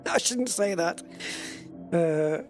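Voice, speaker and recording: A man's voice: sits high, lively intonation, very slow, faint music behind. A man streaming a space game, chatting in a rambling, casual way and getting easily moved. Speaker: gaming streamer. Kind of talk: casual gameplay commentary.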